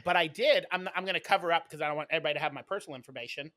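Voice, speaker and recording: A man's voice: fairly high pitch, racing, sharp tone, dry recording. A man co-hosting a casual podcast chat, telling stories in a blunt, snarky way. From New York. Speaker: podcast co-host.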